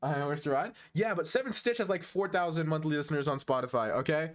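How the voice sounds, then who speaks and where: A man's voice: on the high side, fast talker. A man of twenty-one with an American accent, chatting casually and teasing viewers while analysing chess on a stream. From United States. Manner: joking, teasing banter, chuckles often.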